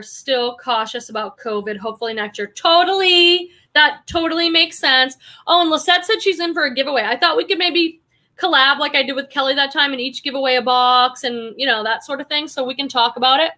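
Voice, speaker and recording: With a high, sharp-toned voice, a woman in her forties runs a reselling livestream, chatting casually and reading viewer comments aloud with effusive enthusiasm.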